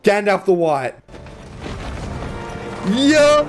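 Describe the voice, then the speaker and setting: A man hosting a movie reaction video, excitable and swearing often, breaking into laughter and shouts. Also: sits high, drawn-out words. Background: film soundtrack music playing.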